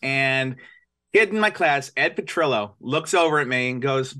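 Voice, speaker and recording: A man from New York telling a self-deprecating story in a casual, animated way. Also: mid-range voice, normal speed.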